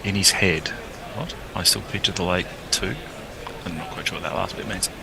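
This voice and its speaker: A man's voice: low voice, steady tone, normal speed, gravelly, noisy background. A man reading listener messages aloud during cricket commentary, with an amused, chuckling delivery.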